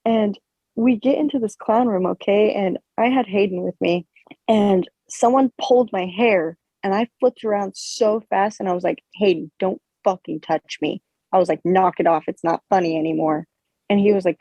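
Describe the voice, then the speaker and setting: A young woman co-hosting a podcast, telling a story in a casual, animated way, full of fillers and swearing. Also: medium pitch, moderate pace, dry recording, dull audio. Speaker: podcast co-host.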